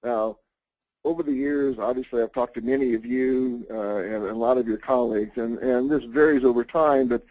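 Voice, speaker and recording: A man's voice: mid-range voice, fairly even intonation, moderate pace, mellow, no room sound, poor audio. A man presenting an insurance planning webinar, talking conversationally with frequent fillers and restarts. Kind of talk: informal webinar lecture.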